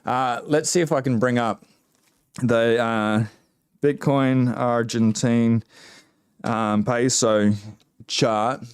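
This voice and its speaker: A man's voice: medium pitch, fairly even intonation, takes it slowly, pauses often, clean tone, no echo, clean studio sound. A man with an Australian accent hosting a casual livestream, chatting with viewers and reading their comments in a laid-back, slangy way. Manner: laid-back, drawling, slangy, with many fillers. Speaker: livestream host.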